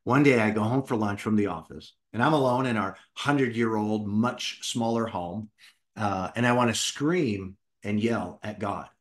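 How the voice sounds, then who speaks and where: Lively storytelling man, lowish voice. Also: normal speed. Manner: animated, acts out his own past words. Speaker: children's book author and founder. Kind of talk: personal storytelling talk.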